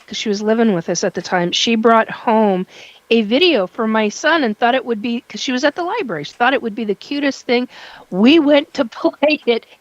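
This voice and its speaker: A woman's voice: on the high side, dry recording, highs cut off. A middle-aged woman co-hosting a casual chat, telling stories and laughing often. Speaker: co-host.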